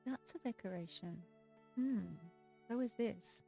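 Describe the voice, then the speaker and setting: High-voiced giggly woman streamer. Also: measured pace, faint music behind. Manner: excitable, giggly, chatty. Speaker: game streamer. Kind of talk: casual live-stream chat while playing.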